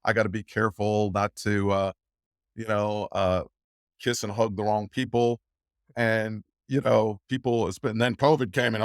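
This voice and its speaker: An older man, a guest on an interview, talks emotionally and at length in a lowish, flat voice at a normal pace, laughing often and restarting his sentences as he rambles. The recording is clean studio quality with no room sound.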